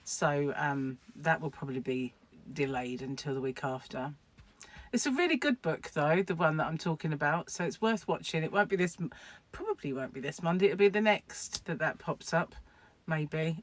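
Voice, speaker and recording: A woman's voice: deep voice, lively intonation, moderate pace. Chatty woman vlogging at home. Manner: chatty, rambling, laughs often at her own asides. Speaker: crochet vlogger. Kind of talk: casual chat to camera.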